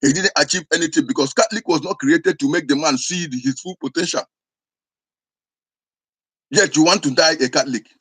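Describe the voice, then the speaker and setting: A man's voice: on the high side, brisk, long pauses, fairly bright tone, breathy edge. A man with an Igbo accent, a traditional spiritual teacher preaching in a scolding, insistent way, often restarting his words. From southeastern Nigeria. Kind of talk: impassioned preaching to camera.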